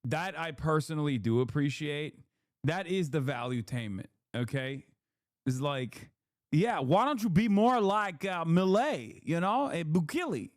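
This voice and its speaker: A man's voice: a little high, animated, unhurried, no room sound, clean studio sound. A man streaming live, reacting to clips with profane, laughing asides. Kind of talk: live commentary.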